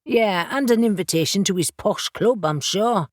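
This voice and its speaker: A woman's voice: medium pitch, animated, moderate pace, no room sound, studio quality, natural voice. A woman reading the part of a big, brash shifter man who talks bluntly and teases his friends. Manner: blunt, teasing.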